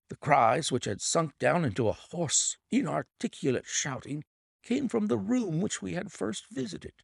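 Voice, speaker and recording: A man narrating a detective mystery audiobook with dramatic, expressive storytelling. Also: on the high side, vocal fry, breathy edge, dry recording, studio quality. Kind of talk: scripted narration.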